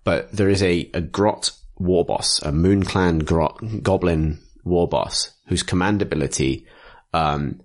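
A man with a very low voice talks through tabletop game rules at length in a casual chat. He rambles, restarts sentences and fills pauses while piling up detail. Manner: rambling, detailed explainer with frequent fillers and restarts.

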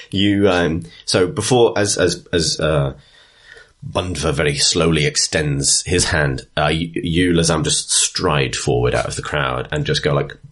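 Low husky game master narrating. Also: male voice, takes it slowly, a bit bright. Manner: rambling, full of ums and restarts. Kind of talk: improvised tabletop narration.

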